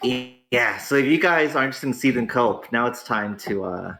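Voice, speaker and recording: A man hosting a casual online talk show, reacting excitably to gaming politics with frequent laughs and drawn-out exclamations. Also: mid-range voice, poor audio. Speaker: podcast host.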